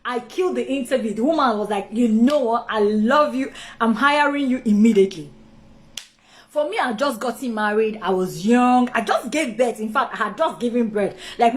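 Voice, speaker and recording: A woman speaks on a live stream, telling her own story with lively, chatty energy. Her voice sits a little high, and she keeps breaking off into asides and restarts. She also greets viewers as they join. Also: a little fast, hardly any pauses. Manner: talkative, with many asides and restarts.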